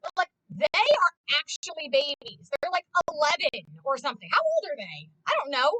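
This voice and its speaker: High, lively-voiced woman ranting while streaming. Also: moderate pace, rough recording. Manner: animated, profane ranting. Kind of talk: casual live-stream commentary.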